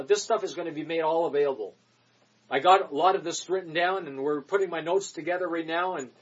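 A man preaching a sermon, emphatic, repeating phrases and swinging from loud declarations to quick muttered asides. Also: fairly high pitch, slightly rough, lo-fi sound.

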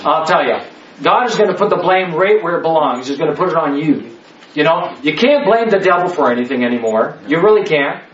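A man's voice: fairly high pitch, lively intonation, a little fast, fairly bright tone, slight background noise. A man leading a Bible study for a small group, talking emphatically, repeating key words and checking in with "okay?" all the time. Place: indoor room with a listening group. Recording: echoey room, mic far off, dull lo-fi.

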